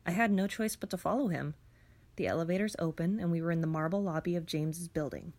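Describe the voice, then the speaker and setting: A woman reads a first-person story aloud in a somber, reflective manner. Her voice sits somewhat low. The reading is steady and measured. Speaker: narrator.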